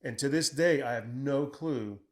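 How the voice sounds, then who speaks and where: A man's voice: mid-range voice, moderate pace. Blunt, profane middle-aged man telling war stories. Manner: profane, blunt, quotes himself in raised voice. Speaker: military veteran recounting combat. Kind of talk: casual storytelling conversation.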